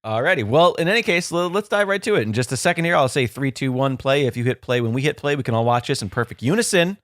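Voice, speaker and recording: A man's voice: fast, no echo, clean studio sound. A man co-hosting a podcast, chatting casually and joking while watching along. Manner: animated, joking, jumps into silly high voices. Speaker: podcast co-host.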